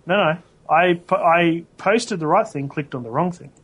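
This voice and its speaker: A man's voice: on the high side, moderate pace, fairly bright tone, breathy edge. A man, sounding, co-hosting a casual tech podcast, rambling and correcting himself as he goes. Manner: rambling, self-correcting, laughs often. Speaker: podcast co-host.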